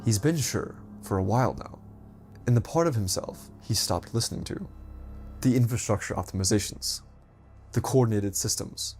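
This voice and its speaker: A man's voice: lowish voice, expressive, moderate pace, a little mellow, breathy edge. Man narrating a dramatic story over music. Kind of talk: scripted narration.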